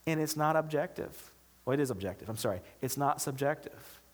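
Guy pastor giving a chatty sermon, gets loud and fired up in spots. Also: mid-range voice, brisk. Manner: conversational, animated preaching with rising emphasis.

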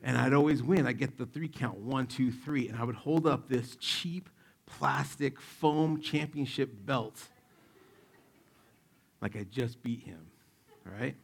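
A man in his forties preaching a sermon, telling stories in an animated, joking way and acting out the quotes. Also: mid-range voice, slow pace, gravelly, slightly rough. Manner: animated, jokey, acts out quotes. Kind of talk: sermon with personal storytelling.

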